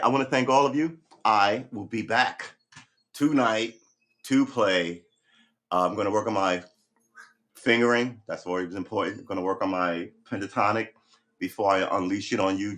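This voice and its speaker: A relaxed man with a fairly low voice hosts a casual home livestream. His talk is loose and chatty, and now and then he slips into a coaxing sing-song when he speaks to his dog. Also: moderate pace. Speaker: livestream host. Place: home room.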